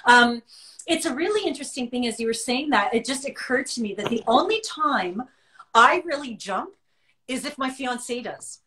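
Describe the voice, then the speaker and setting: A woman's voice: high-pitched, lively intonation, normal speed, a little hiss or hum. Reassuring psychic woman hosting a live chat. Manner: warm, reassuring, reads viewer comments aloud. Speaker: psychic and show host. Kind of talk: live-stream chat with viewers.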